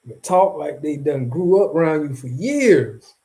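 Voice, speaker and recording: A man from Florida rants casually to camera in a slangy, rambling way, breaking into chuckles between his points. His voice sits a bit high for a man but sounds soft and warm rather than bright. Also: lively intonation, a little slow. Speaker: vlogger. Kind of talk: casual off-the-cuff commentary.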